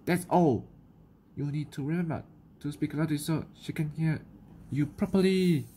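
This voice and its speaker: A woman's voice: deep voice, moderate pace, mellow, slight background noise, natural voice. Woman reading as a patient mother witch. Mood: reassuring. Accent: New Zealand. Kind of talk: children's picture book read aloud.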